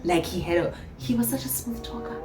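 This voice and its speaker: A South African woman telling a personal story on her vlog, lively and acting out what others said. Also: a little high, brisk, roomy sound, over music. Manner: animated storyteller who acts out quoted lines. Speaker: vlogger.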